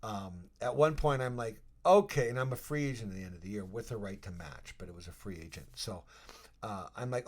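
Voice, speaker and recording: A retired hockey player in his fifties, appearing as a guest in a casual storytelling interview, rambles animatedly through his stories and laughs as he acts out scenes. His voice is lowish and his pace brisk.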